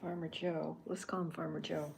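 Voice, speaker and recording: An older, soft-spoken woman artist in a whispered role-play, thinking aloud in halting bits while she sketches. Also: sits low, little pitch movement, vocal fry, slight background noise.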